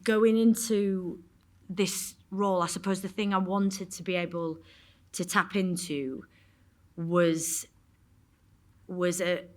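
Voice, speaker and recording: A woman's voice: on the low side, steady tone, slow pace. A woman with a Yorkshire accent speaking frankly on stage at a panel Q&A, rambling and swearing casually. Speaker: actor on a panel. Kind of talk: candid Q&A talk. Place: stage at a cinema event.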